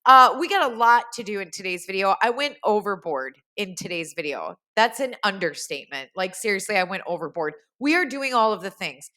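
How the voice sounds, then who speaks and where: A woman's voice: mid-range voice, lively intonation, fairly quick, hardly any pauses, pushed and bright. A woman with a Minnesota accent, hosting a cleaning vlog and rambling eagerly to camera, often correcting herself. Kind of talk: chatty video intro to camera.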